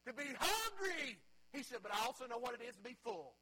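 A man preaching a sermon, moving between quiet scripture reading and loud, emphatic preaching. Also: extremely high pitch, sing-song, a little fast, low-quality recording. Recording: mains hum in the background.

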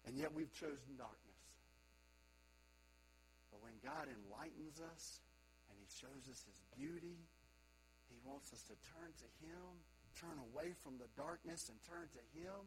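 A man preaching a sermon to a congregation, moving between quiet reflective stretches and loud emphatic calls to young people. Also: fairly high pitch, measured pace, long pauses, slight background noise, poor audio. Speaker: pastor.

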